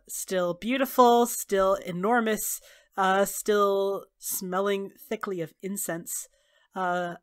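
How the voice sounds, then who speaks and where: A woman narrating a tabletop role-playing game as game master, in a relaxed way with many fillers. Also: mid-range voice, smooth. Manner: relaxed, filler-heavy storytelling.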